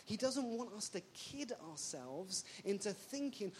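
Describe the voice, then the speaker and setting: A woman's voice: medium pitch, a little slow, few pauses. A woman delivers a sermon, her voice leaping up and down as she jokes. She keeps tossing rhetorical questions at her listeners. A faint hiss sits under her voice. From England. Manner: animated, jokey, full of rhetorical questions. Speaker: preacher.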